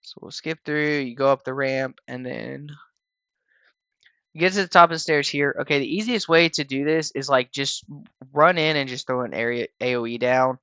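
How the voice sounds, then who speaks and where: A gaming channel host gives a casual voice-over walkthrough of a raid fight, explaining it in a relaxed, rambling way full of fillers and restarts. He sounds tired, even yawning, and speaks at normal speed in a smooth, medium-pitched voice with no echo.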